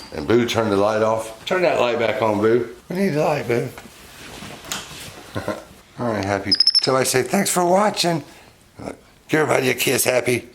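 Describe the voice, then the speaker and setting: A man's voice: medium pitch, roomy sound, slight background noise. A man hosting a casual pet vlog from his home, chatting to his pets in a doting, chuckly way. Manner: doting, chuckling, softens to cooing. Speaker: pet owner and channel host.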